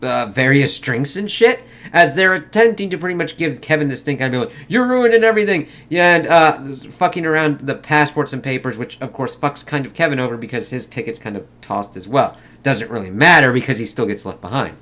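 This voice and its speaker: A man's voice: mid-range voice, brisk, few pauses, a bit bright. Profane, rambling man reviewing a movie. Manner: profane, rambling, acts out quotes in exaggerated voices. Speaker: film reviewer. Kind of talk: casual spoken movie review.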